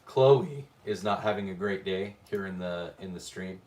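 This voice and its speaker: A man's voice: sits low, normal speed, a little mellow, a little hiss or hum. A middle-aged man hosting a casual livestream, chatting and reading viewer names aloud. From Utah, US. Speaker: livestream host.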